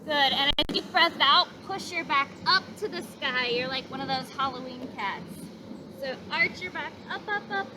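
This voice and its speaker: A young woman with a bright, high voice leads a gentle yoga class outdoors, calmly cueing each breath and stretch with steady encouragement. Traffic and open-air noise sit clearly behind her. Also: moderate pace. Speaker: yoga instructor. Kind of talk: guided yoga class instruction. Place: outdoors in a park.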